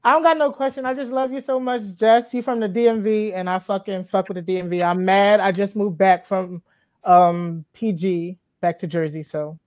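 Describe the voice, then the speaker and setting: Female caller, mellow and dry, gushing fan, loose and profane. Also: medium pitch, steady tone, normal speed, no room sound. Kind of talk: casual call-in chat.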